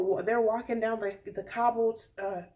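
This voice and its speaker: A woman's voice: on the high side, steady tone, moderate pace, dark tone. A woman in her twenties giving a sassy, candid recap in a casual chat with playful asides. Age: 20s. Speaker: vlogger recapping a reality dating show.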